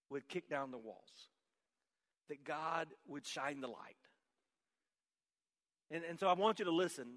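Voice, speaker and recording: High-voiced man preaching in a big hall. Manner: swings from hushed to shouted emphasis; leads call-and-response with congregation. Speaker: pastor. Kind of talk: sermon. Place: church sanctuary.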